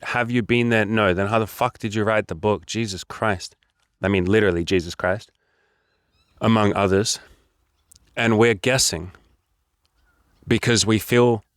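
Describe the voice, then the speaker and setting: A man's voice: lowish voice, clean tone, no echo, studio quality. A man talking as a life coach, blunt, profane and preachy as he lectures his viewers. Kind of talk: direct-to-camera coaching talk.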